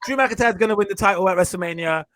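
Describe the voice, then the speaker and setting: A man's voice: high-pitched, rapid-fire, fairly bright tone. A man co-hosting a wrestling podcast who chats casually and often repeats words as he starts. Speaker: podcast co-host.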